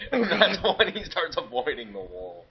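A young man joking around while playing a horror game with friends, repeating gags and shouting when chased. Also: high voice. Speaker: gamer. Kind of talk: casual group let's play. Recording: dull lo-fi mic with faint noise.

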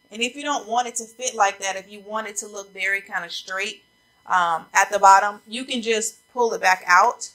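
A slightly breathless fashion vlogger gabs with y'all about coats in a casual try-on haul. Her voice is mid-range and a bit bright. The sound is poor, picked up by a camera mic facing a ring light.

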